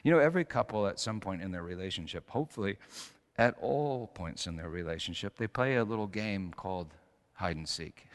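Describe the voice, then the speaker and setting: A middle-aged man preaching a sermon with storytelling, moving between hushed passages and emphatic ones. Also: low voice, animated, brisk. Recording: long hall reverb.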